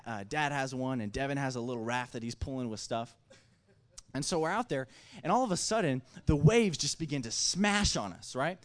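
A man telling a personal story at a microphone in an animated way. His voice keeps jumping louder and back down, and he often restarts his sentences. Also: mid-range voice. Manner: excitable, swings loud and back, many restarts. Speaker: speaker telling a family story at a mic.

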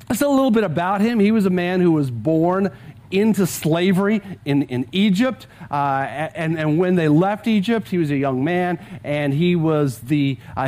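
A middle-aged male pastor delivers a sermon in a notably high voice. He tells a story to his congregation, often repeating words and chuckling as he talks. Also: darkish tone. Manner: storytelling, with frequent word repeats; chuckles often while talking. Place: church service with a live congregation.

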